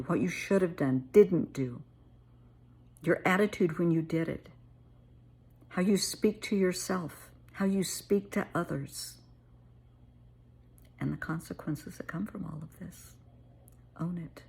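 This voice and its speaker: A woman's voice: fairly low pitch, unhurried, long pauses, a little mellow, husky. A middle-aged woman therapist telling a personal story and giving earnest, emotional advice. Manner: earnest, emotional, calls listener honey.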